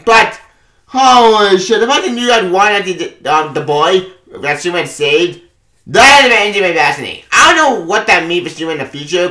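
Excitable cursing man reviewing comics. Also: sits high, echoey room. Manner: excitable, swears a lot, laughs often. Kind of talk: casual spoken review.

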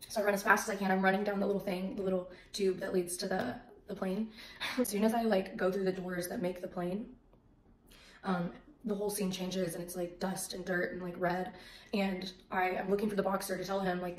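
A woman giving a casual faith testimony, animated and acting out the voices in her story. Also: medium pitch, moderate pace, slight background noise. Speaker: faith vlogger. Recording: echoey room.

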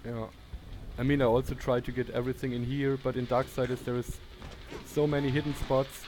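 A man whose first language is German streams a game, chatting casually, greeting viewers and laughing often. His mid-range voice is fairly quick, a little mellow and shows little pitch movement, with soft music playing in the background.

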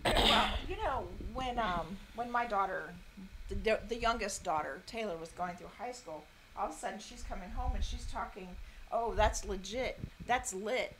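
A woman's voice: medium pitch, normal speed, background noise. A middle-aged woman, chatting casually and laughing often as host of a quilting livestream, drifting off topic.

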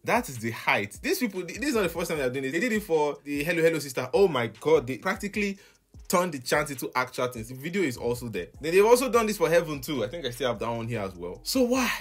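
A man's voice: a little high, very animated, quick pace, a bit bright, breathy edge. A young adult man and music minister hosting his own vlog, animatedly lamenting with exasperated laughter. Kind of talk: casual vlog reaction.

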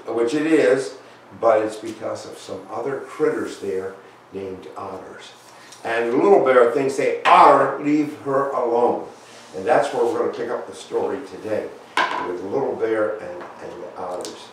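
A man gives a children's talk in a church sanctuary, folksy and halting with lots of fillers. His voice echoes strongly through the big room. The mic sits far away and a faint hum of the room runs underneath. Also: medium pitch. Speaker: pastor giving children's talk. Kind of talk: children's sermon with storybook.

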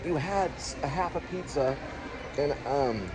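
A man's voice: a little high, unhurried, music in the background. A man hosting a vlog, chatting casually and rambling with joking asides while he samples food in a large store. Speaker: vlog host.

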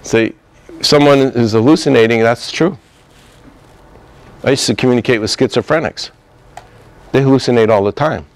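A man's voice: medium pitch, moderate pace, pauses often. A middle-aged man, a therapist, giving an informal talk on communication and acting out bits of dialogue with laughs. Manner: conversational, acts out dialogue with laughs.

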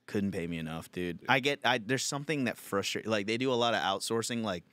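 A man's voice: lowish voice, quick pace, a bit bright. A man hosting a comedy podcast, talking in a crude, rambling, laid-back way. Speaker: podcast host. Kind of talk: casual podcast chat.

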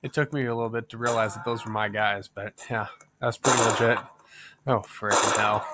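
A man giving gameplay commentary, excitable and swearing, yelling at enemies in mock rage. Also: on the low side, a little fast, noisy background. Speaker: gaming YouTuber.

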